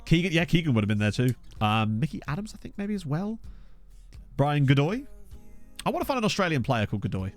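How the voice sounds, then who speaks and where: A man's voice: medium pitch, sing-song, fast, faint music behind. Chatty man narrating a game. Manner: chatty, self-mocking, thinks aloud. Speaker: gaming YouTuber. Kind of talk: casual let's-play commentary. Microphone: USB desk microphone.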